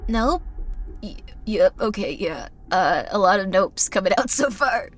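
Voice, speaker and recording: A woman's voice: mid-range voice, lively intonation, unhurried, faint music behind. A woman streaming a game live, talking to chat in a rambling, earnest and apologetic way.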